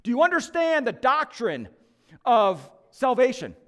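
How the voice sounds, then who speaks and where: A man voicing a stern male supervising angel who fires questions at a newcomer. He speaks in a brisk, questioning manner with a high, lively pitch. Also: full character voice.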